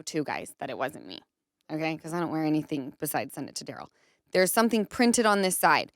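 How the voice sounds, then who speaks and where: A woman in her thirties hosts a casual podcast, telling a story and putting on other people's voices as she goes. Her voice is smooth and clear, at a middle pitch, and it sits close in a dry room. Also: dry recording. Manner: animated storytelling, acts out quotes. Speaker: podcast host.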